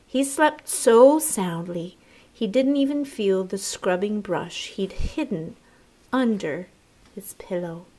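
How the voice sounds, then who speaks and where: In a slow, expressive read-aloud of a picture book, a woman teacher speaks to children and breaks off for brief asides to her audience. Her pitch is medium.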